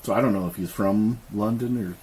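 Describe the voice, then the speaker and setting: A man with a lowish voice co-hosts a podcast in loose, casual chat. He laughs easily, swears often and throws in quick agreeing replies. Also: a little mellow, a little hiss or hum, poor audio. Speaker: podcast co-host.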